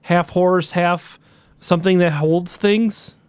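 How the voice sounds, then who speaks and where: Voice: medium pitch, fairly even intonation, slow pace, smooth, no room sound. A player in character at a tabletop game, teasing and incredulous.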